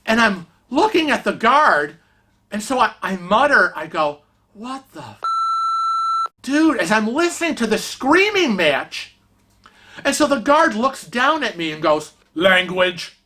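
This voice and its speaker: A vlogger telling a story in a casual, animated and indignant way, often restarting sentences. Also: medium pitch, a little slow.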